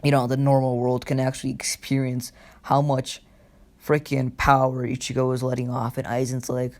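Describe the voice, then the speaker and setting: A man's voice: mid-range voice, completely flat delivery, normal speed, darkish tone. A young man casually retelling a fan story, rambling with lots of fillers and swearing.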